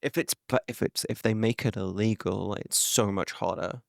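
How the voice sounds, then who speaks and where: A woman's voice: rumbling low, normal speed, creaky, no echo. Dry, profane woman streamer ranting. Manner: animated, profane ranting with frequent laughter; talks to her chat. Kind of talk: casual live-stream chat.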